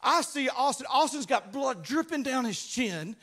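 A man from Louisiana with a Southern US accent, preaching a sermon as a pastor through animated, humorous storytelling with acted-out voices. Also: very high-pitched, moderate pace.

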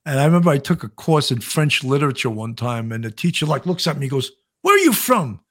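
A man's voice: medium pitch, fast talker. A man with a Long Island accent hosting a live stream, chatting casually and telling jokey stories. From Long Island, New York. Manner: jokey, animated storytelling with put-on voices. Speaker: show host.

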